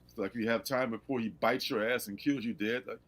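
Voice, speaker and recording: A man hosting a casual comics livestream, animated and laughing, reading blurbs aloud. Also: medium pitch, a little fast. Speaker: host.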